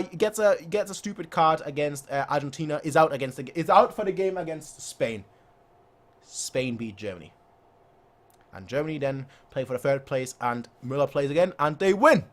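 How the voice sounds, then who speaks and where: A young man talks excitedly as a fan channel host, boasting and hammering the same phrases again and again. His voice sits high and leaps all over the place as he chats. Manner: animated, boastful, repeats phrases, acts out players' voices. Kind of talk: excited post-match fan chat.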